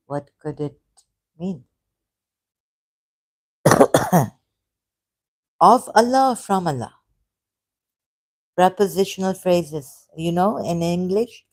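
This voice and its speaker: A woman on a live stream, thinking aloud in a halting, hesitant way and correcting herself as she goes. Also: fairly low pitch, a little mellow, no room sound.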